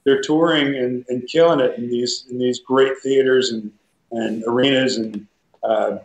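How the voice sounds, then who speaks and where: A man's voice: medium pitch, steady tone, a little slow, creaky. A man, a guest musician, chatting casually from home on a video call, rambling in an easygoing way with many fillers. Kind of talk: casual conversation. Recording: echoey room with faint music.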